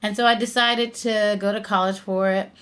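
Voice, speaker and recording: Lively young woman telling her story. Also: medium pitch, moderate pace, smooth. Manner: animated storytelling, laughs often. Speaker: interview guest, stage actress and singer. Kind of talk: casual interview chat.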